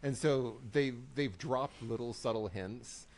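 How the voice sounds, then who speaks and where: A man's voice: mid-range voice, unhurried, a little mellow. Male co-host, mid-range voice, chatty, mimics quotes. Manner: chatty, acts out quotes in little put-on voices. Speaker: podcast co-host. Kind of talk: casual wrestling recap chat.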